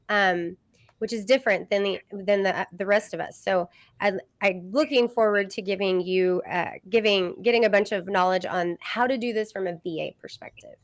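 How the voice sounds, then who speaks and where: A woman with a Southern accent hosts a live podcast in a chatty way, full of fillers. Her voice sits at a middle pitch. It is recorded dry and close. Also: dry recording. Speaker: host. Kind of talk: casual live podcast hosting.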